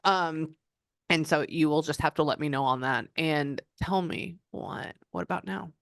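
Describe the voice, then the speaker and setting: A woman's voice: low-pitched, measured pace, gravelly, no echo, studio quality. A woman psychic medium giving a client reading, chatting and often quoting the spirit's messages.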